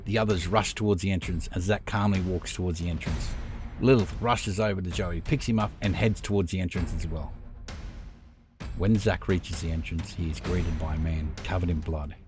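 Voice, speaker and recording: Deep-voiced man reading a horror story. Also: steady tone, moderate pace, music in the background. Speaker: narrator.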